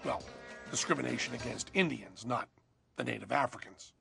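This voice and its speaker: A man's voice: medium pitch, normal speed, gravelly, over music. A man hosting and narrating a comic documentary in a sarcastic, profane way. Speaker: host and narrator.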